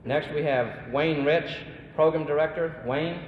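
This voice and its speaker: Young man, student body MC, formal and ceremonious, raised pitch; echoey hall, dull noisy old tape. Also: measured pace. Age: young adult. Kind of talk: formal speech introductions. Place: large hall at a symposium.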